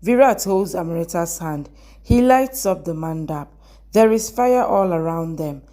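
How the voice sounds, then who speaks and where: Female recap narrator, lowish and level, short plain sentences. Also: lively intonation, a little slow, warm tone.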